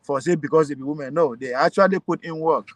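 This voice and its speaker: High-voiced animated Nigerian man. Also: fast, no room sound. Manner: animated, laughing, mixing Pidgin and English. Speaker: political commentator. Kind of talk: casual political talk.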